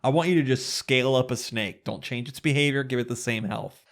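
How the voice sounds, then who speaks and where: A man with a gravelly, creaky voice talks casually on a gaming podcast. He rambles, restarts his sentences and gets eager as his ideas build. His pitch sits in an ordinary middle range. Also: fairly quick, a bit bright. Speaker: podcast guest.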